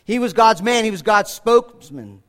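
A man's voice: sits high, normal speed, fairly bright tone. A man preaching a sermon, repeating himself and restarting phrases, lifting his voice when he quotes scripture. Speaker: pastor.

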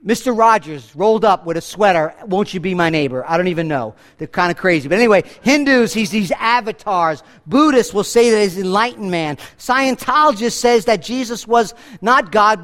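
A male pastor preaching a sermon to a church congregation, emphatic, swinging between loud declarations and hushed lines, asking rhetorical questions. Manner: emphatic preaching with big swings in pitch and loudness.

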